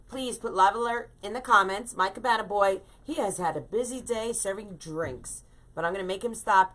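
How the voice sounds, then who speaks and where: A middle-aged woman runs a chatty wreath-making livestream, greeting viewers by name in a bubbly, upbeat way as she chats casually. Her voice is medium-pitched and a bit bright.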